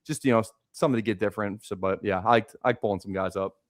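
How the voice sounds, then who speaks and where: A man's voice: lowish voice, very fast, no echo, studio quality. A man in easygoing, rambling live-stream chat, with plenty of fillers. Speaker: co-host.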